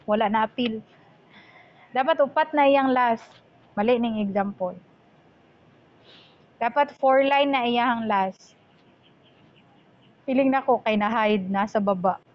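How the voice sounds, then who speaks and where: A woman teacher talks through a lecture, explaining each term and moving between English and Cebuano. Her voice sits a bit high. The audio is dull and lo-fi, like a laptop recording. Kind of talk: online lecture.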